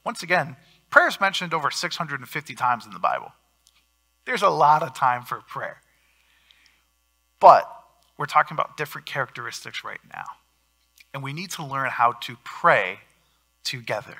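Bright, gravelly-voiced pastor preaching. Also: male voice, mid-range voice, very animated, normal speed, long pauses. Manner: earnest preaching with swings in loudness for emphasis. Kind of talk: sermon.

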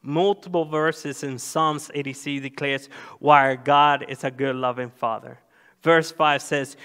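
A man preaching a sermon, slow and deliberate, rising to loud emphatic passages. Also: a little high, fairly even intonation, clear, resonant tone. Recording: long hall reverb.

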